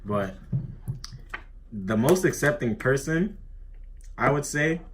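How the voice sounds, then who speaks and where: A man's voice: medium pitch, lively intonation, slow, a bit bright. A young man in a casual chat, talking expressively and repeating words for emphasis. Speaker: co-host.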